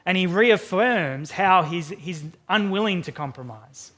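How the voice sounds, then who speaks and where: A man's voice: sits high, expressive, a little slow, pushed and bright. A man, a pastor, praying and then reading and unpacking a psalm verse by verse in an earnest, emphatic sermon. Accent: Australian.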